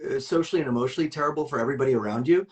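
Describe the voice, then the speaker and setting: A man's voice: medium pitch, racing. A man speaking candidly as an interview guest, earnest and rambling, with many restarts and fillers.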